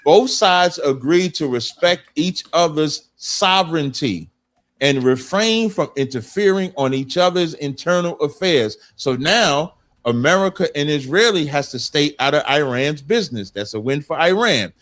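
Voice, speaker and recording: A man's voice: on the high side, expressive, a little slow, fairly bright tone. A man on a political panel, insistently reading points aloud and adding his own comments. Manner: insistent, reads text aloud then comments. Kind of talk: heated panel debate.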